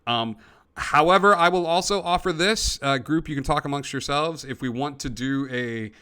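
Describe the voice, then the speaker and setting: A man's voice: a little high, normal speed, bright, forceful tone, smooth. A man running a tabletop role-playing game as game master, narrating loosely with many uh and um fillers. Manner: loose, filler-heavy, frequent uh and um.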